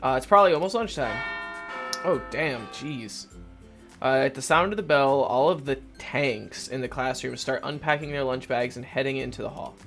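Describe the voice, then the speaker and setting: A man narrating a game in casual let's play style, rambling loosely and swearing freely. He sounds self-mocking and offhand, at an average pitch. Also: normal speed, a bit bright, soft background music. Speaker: gaming video host.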